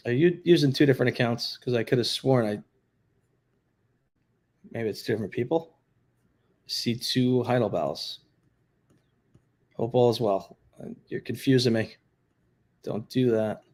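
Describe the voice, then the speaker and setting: A man's voice: mid-range voice, a little slow, long pauses, darkish tone. A man, a retired police officer, hosting a casual livestream, talking bluntly and offhandedly as he answers viewer comments. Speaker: retired law enforcement livestream host.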